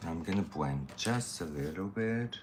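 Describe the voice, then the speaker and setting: A man's voice: low voice, lively intonation, unhurried, background noise. A man chatting casually while doing a makeup tutorial, thinking aloud as he works and greeting viewers. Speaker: makeup artist.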